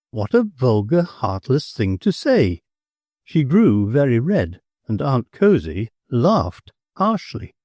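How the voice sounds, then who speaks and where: A man's voice: mid-range voice, mellow, dry recording, clean studio sound. A man reading a novel aloud as an audiobook narrator.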